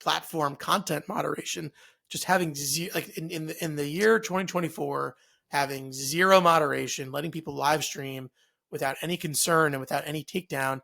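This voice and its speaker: A male podcast co-host chats casually about the news. His voice sits a bit high and carries a steady gravelly fry. He thinks aloud, circling back with fillers and self-corrections. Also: brisk. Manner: loose and chatty, many fillers and restarts.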